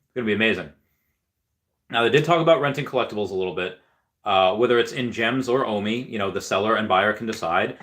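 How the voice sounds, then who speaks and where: A man talks through a casual vlog in a lowish voice with a bright, forward tone. He rambles, restarts his sentences and chuckles often. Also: fast talker. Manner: rambling, many fillers and restarts, frequent chuckles. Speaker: gaming and crypto video host.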